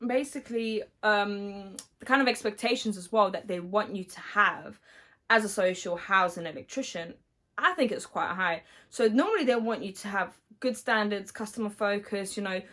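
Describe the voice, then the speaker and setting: Slightly hoarse woman explaining casually. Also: mid-range voice, fairly bright tone. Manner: chatty, many fillers, explains step by step. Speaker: electrician.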